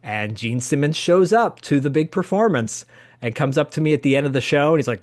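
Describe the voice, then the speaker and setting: A man in his fifties hosting a podcast, telling a story in an animated, chatty way. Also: on the high side, a little fast. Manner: animated, chatty, laughs as he tells stories. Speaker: podcast host. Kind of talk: casual storytelling.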